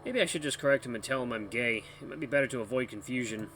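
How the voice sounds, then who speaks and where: A man hosting a let's play, chatty and animated, reading game text and the main character's lines. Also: medium pitch, fast. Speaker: gaming channel host. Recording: background music under voice.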